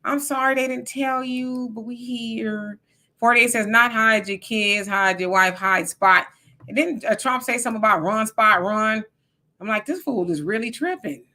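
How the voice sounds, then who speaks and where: Bright, chatty middle-aged woman, livestream co-host reading viewer comments. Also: a little high, fairly even intonation, a little slow. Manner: reads viewer comments aloud, chatty and teasing. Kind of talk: casual live-chat commentary.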